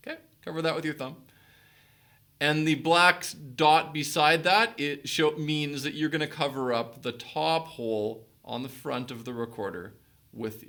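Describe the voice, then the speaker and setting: A man teaching children the basics of the recorder, giving clear step-by-step instructions and frequent encouraging praise. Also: a little high, fairly bright tone. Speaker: music teacher.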